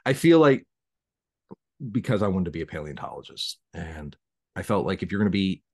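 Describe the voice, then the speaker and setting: Low-voiced stammering Southern host. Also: male voice, sing-song, fairly quick, darkish tone, slightly rough, no room sound, studio quality. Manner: self-deprecating, stammering, laughs often. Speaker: podcast host. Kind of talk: casual interview chat.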